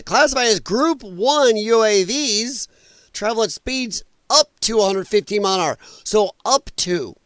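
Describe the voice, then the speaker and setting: A man's voice: high voice, a bit bright, clear, resonant tone, dry recording. A middle-aged man hosting a casual political livestream, rambling and joking while reading chat aloud. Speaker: livestream host.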